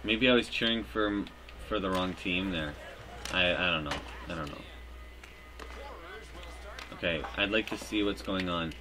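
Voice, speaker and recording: A man giving live commentary over his own hockey video game, joking and breaking into loud cheers at big plays. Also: deep voice, measured pace, long pauses, over music. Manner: excitable, jokey, bursts into loud cheers. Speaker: gaming YouTuber.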